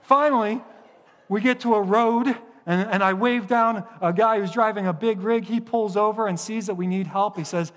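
A man's voice: high voice, moderate pace, a bit bright. A man in his thirties preaching a sermon, self-mocking and sarcastic, telling stories with lots of animation. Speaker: pastor. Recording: long hall reverb.

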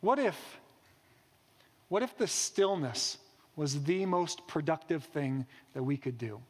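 A man's voice: a little high, lively intonation, slow pace, big-room sound. A man preaching a sermon in an earnest, reflective way, posing rhetorical questions. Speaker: pastor.

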